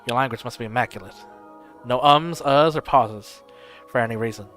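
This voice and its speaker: A man's voice: medium pitch, moderate pace, fairly bright tone, soft background music, lightly acted. A man voicing a blustery, barking retired old nobleman who swears often. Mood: stern. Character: gruff loud old male noble, retired.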